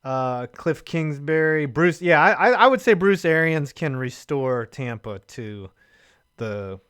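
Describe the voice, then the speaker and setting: A man's voice: fairly high pitch, lively intonation, slow, fairly bright tone, clear, resonant tone. A man hosting a casual sports talk live stream, wry and loose, often trailing off into mumbles.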